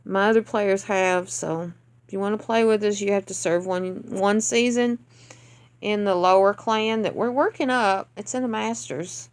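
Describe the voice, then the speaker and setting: A woman's voice: mid-range voice, normal speed, smooth. A woman talks through game replays in a casual, unscripted way. She is blunt and exasperated and rants openly. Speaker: clan leader reviewing game attacks. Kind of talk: casual gameplay commentary.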